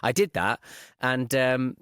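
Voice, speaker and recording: A man in relaxed podcast banter, cracking playful jokes at his co-host. The voice is mid-pitched and recorded close and dry, with no room sound around it. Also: slow, clean tone, no room sound. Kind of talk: casual podcast chat.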